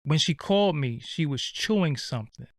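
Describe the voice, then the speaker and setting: A streetwise man tells a rambling comic story, swearing freely in a blunt, unfiltered way. His voice sits a little high for a man, and the sound is close and dry with no room ring. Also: expressive, normal speed, no echo. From Brooklyn, New York. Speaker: show host. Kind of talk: profane comedic storytelling.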